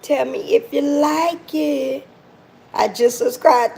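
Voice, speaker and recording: Gravelly playful woman hosting a livestream. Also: high voice, slow, dark tone, poor audio. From Miami. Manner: playful, teasing viewers, drawling African American Vernacular speech. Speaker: cooking livestream host. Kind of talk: casual livestream chat. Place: home kitchen.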